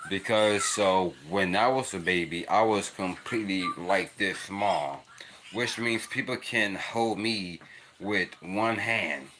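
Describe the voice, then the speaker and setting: A man's voice: sits low, slow, background noise. A young man rambling and laughing in a casual livestream chat with a child nearby. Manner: rambling, repetitive, laughs often. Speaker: livestream host.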